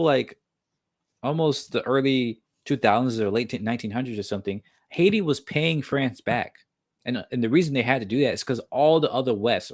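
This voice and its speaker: Low-voiced man reading and riffing. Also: no room sound, clean studio sound. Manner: breaks off reading to riff, with many fillers and tag questions; stumbles and restarts on hard words while reading. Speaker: podcast host reading a book aloud. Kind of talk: reading aloud with casual commentary.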